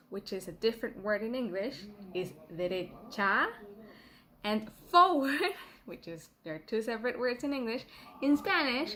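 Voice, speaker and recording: A middle-aged woman teaching a children's language lesson in a playful, patient way, repeating words slowly for pupils to copy. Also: on the high side, a bit bright. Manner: playful, laughs at herself.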